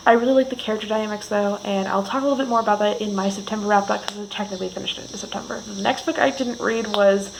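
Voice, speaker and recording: A woman's voice: medium pitch, steady tone, fast talker, vocal fry, hardly any pauses, poor audio. A woman book vlogger giving a casual reading wrap-up, gushing and enthusiastic, rambling with frequent restarts. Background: faint cicada noise outdoors.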